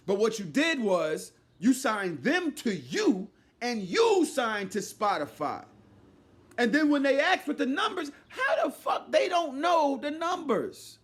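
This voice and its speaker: High, animated man ranting loudly. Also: a little slow. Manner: loud, exasperated, often shouting, mock-quoting others. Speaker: commentary vlogger. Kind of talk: animated rant commentary.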